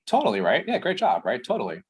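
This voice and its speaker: A man's voice: medium pitch, wildly swooping pitch, quick pace, husky. A man coaching a salesperson one-on-one on a call, blunt, intense and full of swearing.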